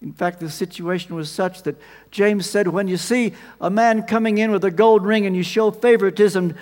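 A man preaching a sermon, telling the story with animated swings between loud emphasis and quiet asides. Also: high voice, moderate pace. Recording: long reverb of a large hall.

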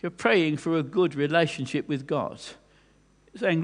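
A man's voice: a little high, unhurried. A man preaching a sermon earnestly, often repeating words as he goes. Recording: long hall reverb.

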